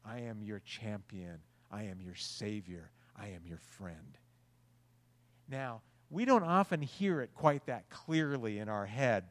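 An earnest male pastor preaching a sermon, talking to the congregation conversationally and leaning on rhetorical questions. His pitch sits in the middle range for a man. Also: long reverb tail.

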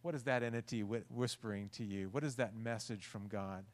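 A man's voice: lowish voice, a little fast, few pauses, big-room sound. A male pastor preaching a sermon in an earnest, conversational way, often asking rhetorical questions.

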